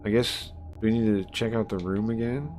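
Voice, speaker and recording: A man streams a horror visual novel as a live let's-play, reading the game's lines aloud and chatting casually between them with plenty of fillers and asides. His voice is lowish, steady and somewhat dark, at a moderate pace.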